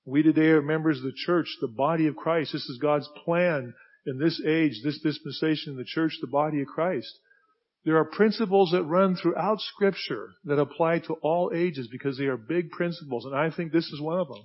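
A man's voice: a little high, moderate pace. Emphatic preaching man, lo-fi sound. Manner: emphatic, swings from hushed to loud. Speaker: pastor. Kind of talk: sermon. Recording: dull lo-fi sound.

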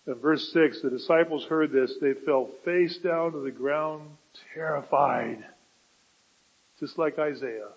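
Male pastor, husky, slightly high voice, earnest sermon delivery with rhetorical questions. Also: slow pace, muffled recording.

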